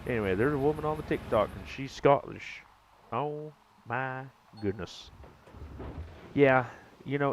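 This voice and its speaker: A man's voice: medium pitch, a little slow, a little hiss or hum. An American man chatting casually and jokingly with viewers during a gaming live stream. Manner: rambling, jokey, talks to chat.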